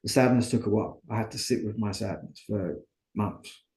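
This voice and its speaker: A man's voice: fairly low pitch, normal speed, darkish tone, roomy sound. A man as an interview guest, talking candidly and earnestly about his own life, often asking and answering his own questions. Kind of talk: candid conversational storytelling.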